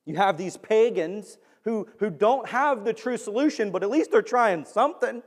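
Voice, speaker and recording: An animated male preacher delivering a sermon, his voice pitched high and climbing to near-shouts when he drives a point home. The sound rings with the long reverb of a large hall. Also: moderate pace.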